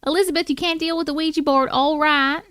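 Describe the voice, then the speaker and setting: A woman's voice: high-pitched, fairly even intonation, quick pace, fairly bright tone, no echo, studio quality. Chatty, playful woman hosting a livestream. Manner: chatty, playful, swears casually. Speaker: livestream host reading viewer stories. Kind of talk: casual live chat and story reading.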